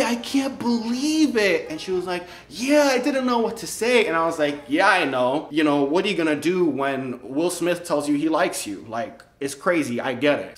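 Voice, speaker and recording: A young man telling a funny story from his school days in a casual, animated way, acting out the quoted lines in high squeaky voices. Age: young adult. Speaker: storyteller vlogger. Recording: echoey room.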